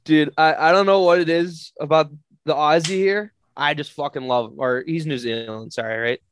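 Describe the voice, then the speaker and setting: A young man co-hosting a casual podcast chat, excitable and foul-mouthed, often bursting into shouts. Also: fairly high pitch, moderate pace, slight background noise. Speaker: podcast co-host.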